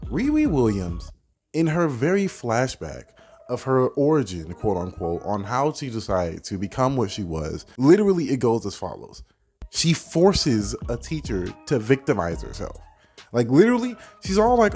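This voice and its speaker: A man's voice: mid-range voice, huge pitch swings, normal speed, a little mellow, husky, soft background music. A young man giving a heated, dismissive rant as a video commentator, packed with filler words and swearing. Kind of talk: casual ranting commentary.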